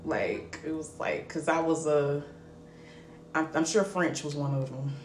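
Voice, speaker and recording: A young woman podcast co-host, telling an animated, profane story in casual chat and laughing often. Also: low-pitched, a little slow, faint music behind. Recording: echoey room with faint ambient noise.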